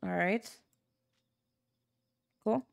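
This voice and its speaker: A woman's voice: medium pitch, drawn-out words, vocal fry. A woman chats her way through a video game and laughs now and then. She reads the characters' dialogue aloud in her own everyday voice, with no put-on voices, in a loose, rambling manner. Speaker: gameplay video host. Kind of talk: casual let's-play commentary reading dialogue aloud.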